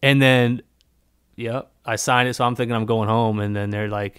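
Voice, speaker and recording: A man's voice: mid-range voice, fairly even intonation, fairly quick, fairly bright tone, smooth, no room sound, clean studio sound. A young man who is a guest on a podcast, chiming in agreeably and telling his own story in a laid-back way. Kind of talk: casual chat.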